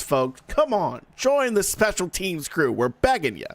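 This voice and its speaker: A man's voice: on the high side, very animated, normal speed, few pauses, slight background noise. A man giving live play-by-play commentary on a simulated football game in a folksy, joking manner that talks straight to the audience.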